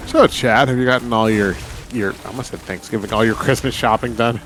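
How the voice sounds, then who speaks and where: A man's voice: medium pitch, brisk, a bit bright, slight background noise. A man hosting a live game stream, chatting casually and playfully, laughing often. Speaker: stream host.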